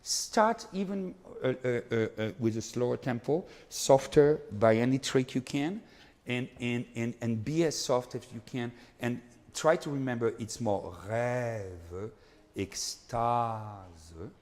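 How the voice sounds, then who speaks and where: Earnest conductor coaching singers in a hall. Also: male voice, medium pitch, measured pace, darkish tone. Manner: earnest, repetitive coaching with frequent tag questions. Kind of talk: master class coaching. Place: concert hall. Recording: hall reverb with faint background noise.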